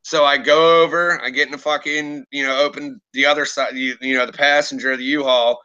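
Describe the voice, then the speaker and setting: A man's voice: mid-range voice, fairly quick, clear, resonant tone, muffled recording. A man in his thirties streaming a casual chat, telling a story with lots of swearing and quoting himself heatedly. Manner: profane, animated storytelling, quotes himself heatedly.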